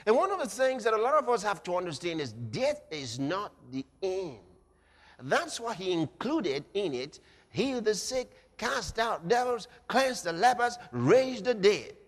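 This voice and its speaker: A man preaching a dramatic sermon, swinging between shouts and hushed, low passages. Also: big pitch swings, a little slow. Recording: long reverb of a large hall.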